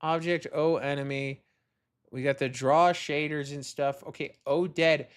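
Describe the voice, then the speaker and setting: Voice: mid-range voice, fairly even intonation, a little slow, smooth. A young adult hobby game developer commenting casually while coding, exasperated, talking to themself and swearing often. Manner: rants loudly at an online commenter.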